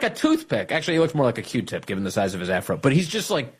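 A husky man hosting political talk radio, his pitch swinging widely as he mocks and jabs. He talks in a combative, sneering commentary style. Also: quick pace, few pauses. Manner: mocking, combative, animated delivery. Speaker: radio host.

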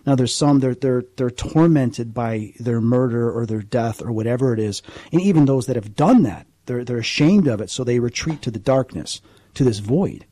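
A man's voice: mid-range voice, animated, normal speed, dark tone, no echo. A man who investigates the paranormal, a guest on a radio interview, explaining at length in an earnest, rambling way with frequent restarts.

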